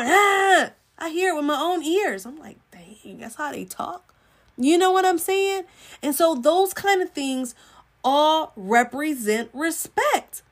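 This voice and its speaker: A woman, giving relationship advice to women in an emphatic, preachy way that acts out what people say. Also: high-pitched. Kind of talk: livestream advice talk.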